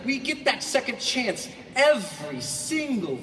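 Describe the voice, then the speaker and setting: Man, motivational keynote speaker, high-pitched, quiet reflection and loud bursts, roomy hall reverb, faint background noise. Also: lively intonation, fairly quick, a crowd in the background. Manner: swings from hushed reflection to shouted bursts; acts out mocking quoted voices. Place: large hall. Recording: echoey hall from far off.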